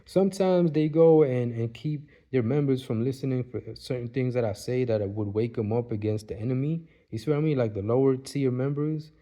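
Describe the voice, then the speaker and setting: A man's voice: medium pitch, fairly quick, few pauses, dark tone. A man talking in a casual, rambling monologue, repeating himself and often asking if the listener follows. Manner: rambling, repetitive, keeps asking "you see what I mean". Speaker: vlogger.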